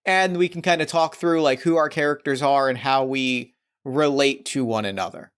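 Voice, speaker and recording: Acting as podcast host and game master for a tabletop role-playing show, a man chats eagerly with a guest ahead of the game, cheerful and heavy on fillers. His medium-pitched voice is clear, resonant, and fairly bright, at a moderate pace.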